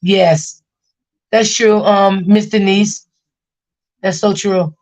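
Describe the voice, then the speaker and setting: A woman's voice: mid-range voice, fairly even intonation, slow, darkish tone. A woman hosting a casual livestream, venting about family and reassuring her chat viewers, often repeating herself. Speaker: livestream host.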